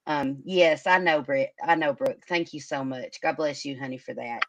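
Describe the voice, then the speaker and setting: A woman's voice: a bass voice, normal speed. A woman hosting a casual livestream chat, emotional and hesitant, filling her talk with many ums. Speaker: livestream host.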